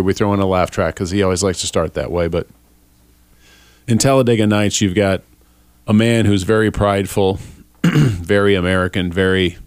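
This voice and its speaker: A man hosting a casual faith podcast, talking in a relaxed, rambling, self-deprecating way. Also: deep voice, clear, resonant tone, no echo. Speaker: podcast host.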